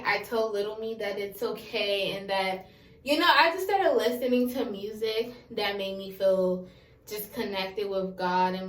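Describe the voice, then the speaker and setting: A woman's voice: on the high side, a bit bright. Candid young woman in an echoey room. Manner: candid and rambling, repeats phrases, casual slang. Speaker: vlogger. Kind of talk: candid confessional vlog.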